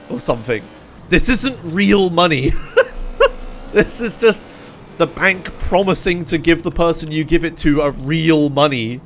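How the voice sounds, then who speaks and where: A man's voice: fairly high pitch, a little slow, a little hiss or hum. Incredulous, swearing young man ranting on stream. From England. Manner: animated, incredulous ranting with frequent swearing and laughs. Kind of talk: casual live-stream chat.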